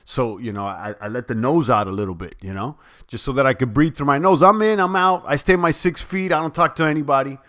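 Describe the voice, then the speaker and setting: A young man with a medium-pitched, fairly bright voice talks fairly quickly as he hosts a crypto livestream. He rambles conversationally, speaking straight to his viewers in casual chat.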